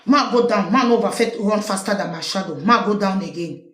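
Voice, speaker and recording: A woman with a Cameroonian Pidgin English accent hosts a livestream of casual political commentary, throwing rhetorical questions at her listeners. Her voice is medium-pitched, brisk and a bit bright, and the room is echoey.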